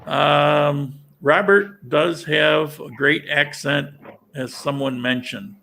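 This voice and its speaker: Bright-voiced man chatting casually. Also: on the high side, steady tone, creaky, a little hiss or hum. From upstate New York. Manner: halting, many restarts and fillers. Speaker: livestream host. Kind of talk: casual livestream chat.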